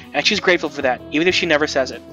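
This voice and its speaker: A man's voice: a little high, expressive, fast, vocal fry, bright, forceful tone, faint music behind, heavily acted. A man voicing a friendly, wryly teasing young male school nurse while reading a visual novel aloud. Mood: kind.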